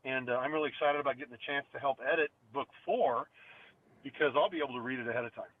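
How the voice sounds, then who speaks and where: A man's voice: medium pitch, fast talker. A middle-aged father co-hosting a casual podcast, chatty and teasing, laughing often. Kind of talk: casual chat. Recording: tinny phone-like line.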